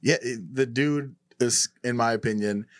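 A man's voice: mid-range voice, moderate pace, no echo, clean studio sound. A man co-hosting a podcast, talking in a casual, slangy way. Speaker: podcast co-host.

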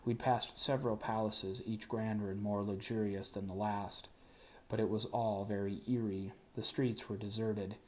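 Male audiobook narrator, lower voice, dry wry first-person read. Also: level tone, normal speed, darkish tone.

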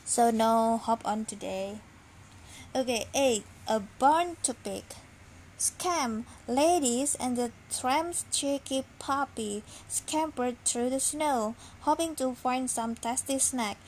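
A sleepy woman reads a bedtime story aloud for her podcast, gentle and unhurried, with small slips along the way. Her voice sits a little high. Faint room ambience lingers underneath. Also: a little hiss or hum, poor audio. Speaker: podcast host reading stories.

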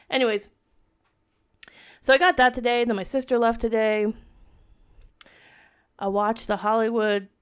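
Gravelly woman rambling on her podcast. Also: on the high side. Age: 30s. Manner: rambling, full of "like" fillers and restarts. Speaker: podcast host. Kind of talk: casual solo podcast chat.

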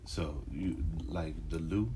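A man's voice: a bass voice, slow, warm tone, slight background noise. Reserved man with a Louisiana lilt. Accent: Louisiana mixed with Eastern. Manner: reserved, laughs often. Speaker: podcast co-host. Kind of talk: casual chat.

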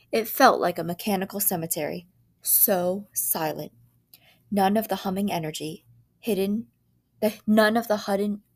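Woman reading a story aloud. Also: mid-range voice.

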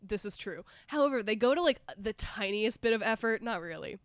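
A woman co-hosting a podcast in casual chat, animated and swearing freely as she acts out movie characters. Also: mid-range voice, fairly quick, dry recording. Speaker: podcast co-host.

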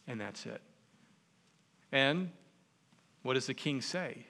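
Preacher guy telling the story all chatty and lively, big hall with long echo. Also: mid-range voice, takes it slowly, pauses often. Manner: animated, conversational storytelling. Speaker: pastor. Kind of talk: sermon. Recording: long reverb in a large hall.

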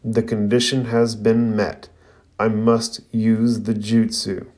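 A man's voice: fairly low pitch, little pitch movement, slow, a little mellow. Guy reading an eager young ninja kid, earnest and keen.

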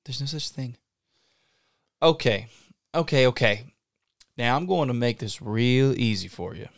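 A man's voice: mid-range voice, animated, measured pace. A man co-hosting a podcast, acting out comedic movie-parody skits with a showy, playful announcer delivery. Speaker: podcast co-host.

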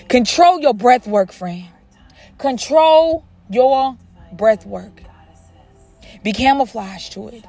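A woman speaks, pressing her points through repetition and speaking straight to the listener as a friend. Her voice sits a little high, and soft music plays faintly behind her motivational talk. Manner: emphatic, repeats phrases, addresses listener as friend. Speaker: podcast host. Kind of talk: motivational monologue.

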